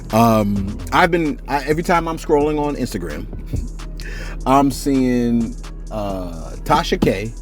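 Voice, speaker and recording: A man hosting a celebrity news channel in casual, rambling commentary, often asking "you see what I'm saying". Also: on the high side.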